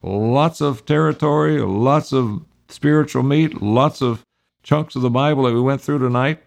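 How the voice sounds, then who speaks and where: A man with a gravelly, creaky voice at a middle pitch leads a Bible study. He reads a passage of scripture aloud, then goes back over it in his own plain, everyday words. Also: normal speed. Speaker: pastor.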